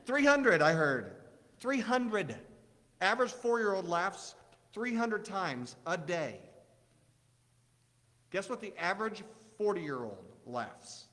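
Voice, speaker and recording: A man gives a sermon, talking with the congregation in a loose, conversational way and asking them questions. His voice sits a little high for a man. The church hall gives a long reverb. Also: big pitch swings, slow pace, pauses often, fairly bright tone. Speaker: preacher.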